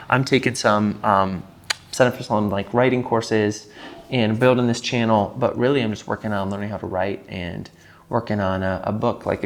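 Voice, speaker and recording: A man talking casually to camera in a vlog, rambling and leaning heavily on filler words. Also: fairly low pitch. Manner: rambling, heavy use of filler "like". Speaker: vlogger. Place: rented house.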